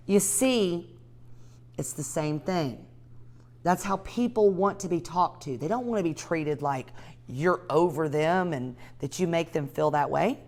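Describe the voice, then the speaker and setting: Woman, class instructor, direct and lively, coaching a room full of students. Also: low voice, measured pace. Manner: energetic, talks straight to students by name. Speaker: real estate investing instructor. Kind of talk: classroom teaching with mock cold calls.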